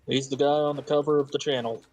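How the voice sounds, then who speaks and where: A man's voice: medium pitch, steady tone, darkish tone, rough recording. Man trading dry quips. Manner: dry, quick-witted quips. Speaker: streamer's friend. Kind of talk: casual gaming stream chat.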